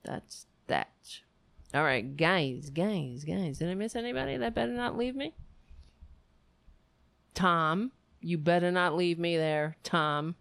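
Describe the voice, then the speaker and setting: A woman's voice: fairly low pitch, expressive, unhurried, creaky, a bit bright, no echo. A woman hosting a livestream, rambling and venting affectionately to her viewers as she signs off. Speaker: livestream host. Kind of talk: casual stream sign-off chat.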